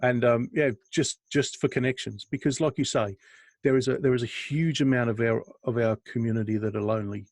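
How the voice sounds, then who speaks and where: A man's voice: mid-range voice, steady tone, fairly quick, a little mellow, no room sound. Man, middle-aged, podcast co-host, rambling, chatty, dry close recording. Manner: rambling, chatty, laughs often, restarts. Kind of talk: casual chat.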